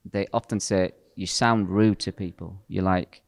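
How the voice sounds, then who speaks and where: Man, podcast host, blunt and joking, low-pitched, dry close recording. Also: fairly even intonation, a little slow, gravelly, dry recording. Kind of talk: casual discussion.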